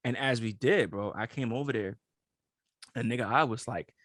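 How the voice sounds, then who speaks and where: Laughing frequently, a young man co-hosting a podcast spins stories in relaxed, slang-filled conversation. He speaks at a moderate pace with a medium, fairly bright voice, and the studio recording is clean and dry.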